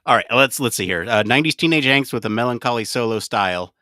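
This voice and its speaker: Lively, bright-voiced male podcast host. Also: mid-range voice, quick pace, no room sound, clean studio sound. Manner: excitable, loud outbursts, then mumbling while typing prompts. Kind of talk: casual live-stream chat.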